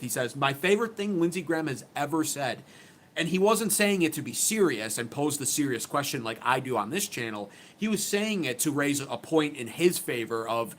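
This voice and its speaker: An American man hosts his own channel, giving opinionated political commentary in an emphatic, sarcastic style and often restarting his sentences. His mid-range voice is animated and fairly bright, at a normal speed.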